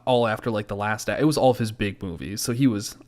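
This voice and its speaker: A man co-hosting a podcast in casual movie-review chat, making wry jokes in a steady way. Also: on the low side, fast talker. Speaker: podcast co-host.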